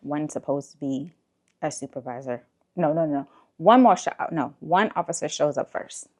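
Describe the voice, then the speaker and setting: Casual woman vlogger, 30s, lowish voice, exasperated and animated storyteller. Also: normal speed, slight background noise. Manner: animated, exasperated retelling with profanity.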